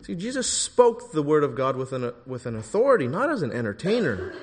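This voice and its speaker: A man preaching a sermon in a church, emphatic, rising to forceful bursts on key phrases. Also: on the high side, sing-song, brisk, big-room sound, slight background noise.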